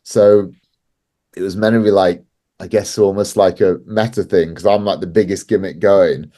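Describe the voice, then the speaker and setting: A man's voice: sits low, steady tone, normal speed, dark tone. A man telling stories as a podcast guest, chatty, laughing often and filling his speech with "like". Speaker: wrestling promoter guest. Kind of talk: casual podcast storytelling.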